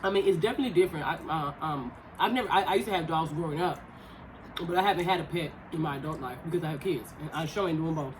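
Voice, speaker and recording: A woman's voice: low voice, fast, background noise. A woman in her thirties co-hosting a podcast, talking casually and animatedly over a meal, laughing often. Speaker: podcast co-host.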